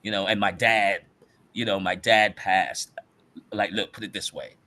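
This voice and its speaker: A man in casual podcast talk, an animated storyteller who uses slang and acts out other people's voices. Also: lowish voice, a little slow. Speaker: podcast guest. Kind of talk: casual chat.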